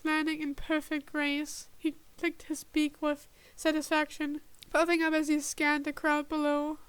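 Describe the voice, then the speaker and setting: Woman reading fanfic out loud, slow and flat, high bright voice. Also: no room sound. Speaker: podfic reader.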